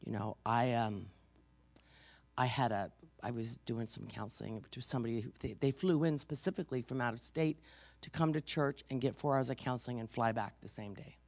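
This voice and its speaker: Her voice rumbles low, gravelly and a little mellow, and she speaks a little fast on a dry recording. This woman pastor preaches a conversational sermon as chatty storytelling with lots of asides, frequent "you know," and easy laughter.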